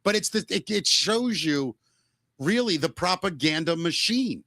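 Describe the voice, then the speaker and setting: A man co-hosting a podcast in casual chat, animated and jokey, often slipping into silly voices. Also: fairly high pitch, unhurried, no room sound. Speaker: podcast co-host. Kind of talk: casual chat, comedic impressions.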